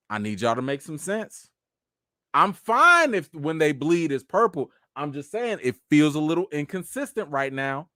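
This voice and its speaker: A man's voice: a little high, very animated, normal speed, pushed and bright, dry recording, clean studio sound. A man hosting a live chat reaction and review of a TV episode, talking casually with lots of "you know" fillers. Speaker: show host and reviewer.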